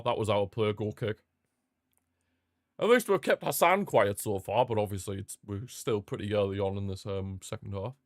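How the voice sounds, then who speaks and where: A young man hosting a live football watchalong, chatting casually and repeating himself, with sudden bursts of excitement. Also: medium pitch, dry recording, studio quality. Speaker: watchalong host. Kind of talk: casual live match commentary.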